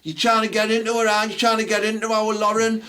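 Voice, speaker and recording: A man voicing a brash, aggressive young woman out with her mum, in a high, mouthy voice. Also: completely flat delivery, fast, sharp tone.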